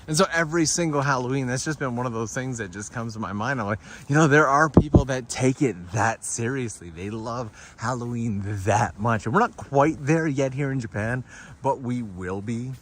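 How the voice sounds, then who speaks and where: A man's voice: medium pitch, a little hiss or hum. Chatty man walking city streets. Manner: chatty, animated storyteller. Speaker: vlogger hosting a live stream. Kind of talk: casual live-stream walking tour. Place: outdoors on city streets at night.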